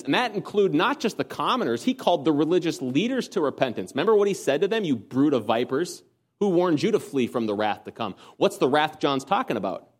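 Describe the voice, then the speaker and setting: A man preaching a sermon, earnest, asking rhetorical questions and swinging from emphatic peaks to quiet low passages. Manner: asks the congregation rhetorical questions.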